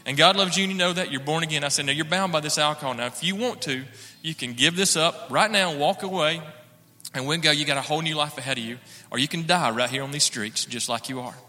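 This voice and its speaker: A man's voice: on the high side, fast talker, sharp tone, big-room sound. A man sharing an earnest personal testimony in church, acting out the dialogue as he tells it. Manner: earnest storytelling, acts out dialogue.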